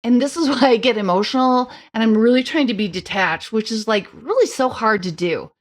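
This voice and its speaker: This middle-aged podcast guest speaks on the high side while recounting her story in relaxed conversation. Animated tangents and fast imitations of other voices pepper her telling.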